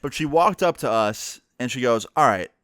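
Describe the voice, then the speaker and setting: A young man, a YouTuber, telling a personal story casually, profane and animated, with lots of quoted dialogue. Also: mid-range voice, normal speed, smooth, dry recording, clean studio sound.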